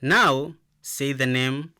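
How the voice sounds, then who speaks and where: A woman teaching a radio lesson for children, slowly leading the listeners to repeat phrases after her. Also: rumbling low, bright, forceful tone, a little hiss or hum. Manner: slow, encouraging, repeats phrases for listeners to echo.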